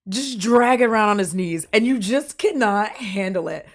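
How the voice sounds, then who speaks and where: A woman streamer, sick with a cough and a voice deepened by illness, chatting with viewers in a rambling way and laughing often. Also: expressive, normal speed, few pauses. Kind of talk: casual stream chat with viewers.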